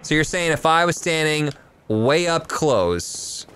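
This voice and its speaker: Streamer type: easily riled man with a bouncy pitch, cusses, talks back to chat. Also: expressive, slow pace, fairly bright tone, clear, resonant tone. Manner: frustrated, swears often, answers chat. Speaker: streamer playing a video game. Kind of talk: live gameplay stream commentary.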